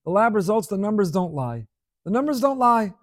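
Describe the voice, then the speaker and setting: Man preaching to a room, high pitch, dry close sound, lively and repetitive delivery. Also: fairly quick, dry recording. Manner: animated, rhetorical questions, repeats phrases for emphasis. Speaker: rabbi giving a class. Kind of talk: sermon. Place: room with an audience.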